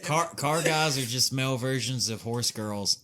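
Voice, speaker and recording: A man's voice: medium pitch, a little slow, bright, forceful tone. A man co-hosting a podcast in casual chat, cracking jokes and swearing casually. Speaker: podcast co-host.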